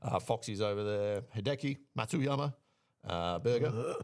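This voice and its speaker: A man co-hosting a casual podcast, running through names and betting odds in a relaxed way with frequent fillers. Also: on the low side, moderate pace, dry recording, clean studio sound. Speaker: podcast co-host giving betting picks.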